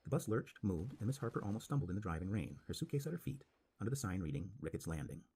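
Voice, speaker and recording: A man reading a spooky story aloud with dramatic, expressive narration. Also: on the low side, fast, slightly rough.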